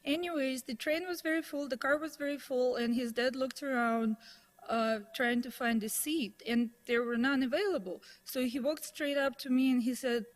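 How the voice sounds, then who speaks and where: A woman's voice: sits high, steady tone, normal speed. A woman telling a story to a live audience in a conversational manner, with fillers and restarts.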